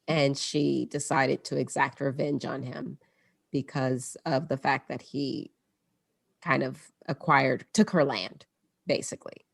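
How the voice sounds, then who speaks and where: A woman's voice: very deep voice, steady tone, a little slow, vocal fry, no room sound, clean studio sound. A woman hosting a podcast and telling a story casually, moving between read passages and chatty asides. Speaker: podcast host.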